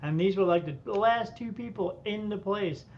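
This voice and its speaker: A man, a medium, telling a lively story as a podcast guest, acting out the voices of people in it. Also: moderate pace. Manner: animated anecdotes, acting out quoted voices. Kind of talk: casual storytelling. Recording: muffled audio with faint rumble.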